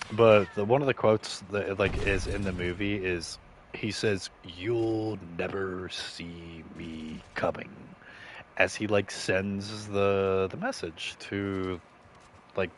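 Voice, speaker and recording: A man's voice: sits low, slight background noise. A young man in casual gaming commentary, rambling and swearing as he jokes to himself. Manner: rambling, profane, joking to himself. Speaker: streamer.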